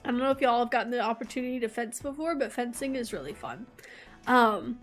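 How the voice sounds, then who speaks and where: A woman's voice: a little high, expressive, brisk, soft background music. A woman streaming a game, chatting in a bubbly, giggly way and reading the game text aloud. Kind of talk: casual let's-play chat with chat.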